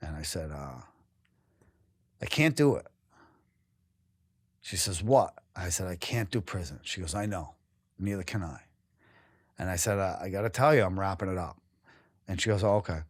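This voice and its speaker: A man's voice: low voice, lively intonation, moderate pace, pauses often, no echo, studio quality. A man from New England, a guest on a podcast, telling his story candidly and emotionally, swearing freely and often breaking off and restarting.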